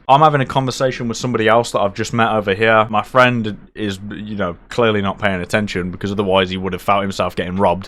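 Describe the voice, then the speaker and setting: A young man telling a night-out story casually, animated, swearing and poking fun at himself. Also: mid-range voice. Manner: animated, swearing, self-mocking.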